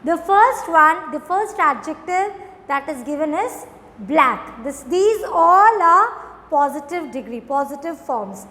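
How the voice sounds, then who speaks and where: A woman's voice: high voice, lively intonation, pushed and bright, in a large hall. A woman teaching grammar to schoolchildren, drawing out words and often checking if the children understand. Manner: slow, drawn-out, addresses children often. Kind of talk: recorded grammar lesson for children.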